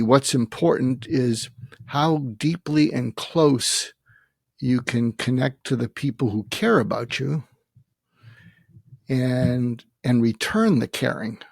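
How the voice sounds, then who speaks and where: A man in his seventies, a psychiatrist guest, talking earnestly and haltingly in a reflective interview, emotional as he faces his own death. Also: mid-range voice, creaky, a little mellow, husky, dry recording, studio quality. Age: 70s. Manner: earnest, halting, many restarts and fillers.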